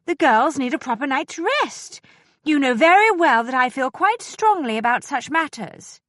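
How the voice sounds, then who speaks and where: A woman voicing a prim, proper young governess who speaks precisely and firmly, in a lively, fairly high voice. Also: normal speed, no echo, clean studio sound.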